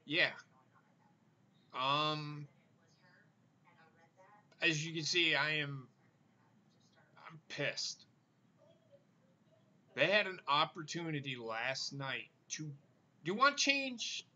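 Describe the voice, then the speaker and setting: A man hosting a wrestling stream, ranting angrily with lots of swearing while trying not to yell. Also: fairly high pitch, animated, slow pace, pauses often, lo-fi sound. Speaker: wrestling show host. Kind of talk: angry live stream rant.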